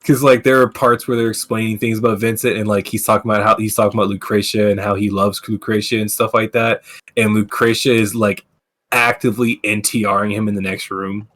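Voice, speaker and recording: A man's voice: fairly low pitch, level tone, fairly quick, fairly bright tone. Ranting, foul-mouthed podcast host man. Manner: profane, ranting, lots of filler words. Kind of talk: casual gaming podcast chat. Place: streaming setup.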